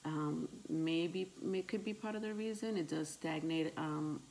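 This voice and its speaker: A woman giving a tarot reading to her viewers, unhurried and hesitant, with frequent ums, calling listeners "my love". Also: low-pitched, creaky, a little mellow, slight background noise, rough recording. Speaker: tarot reader.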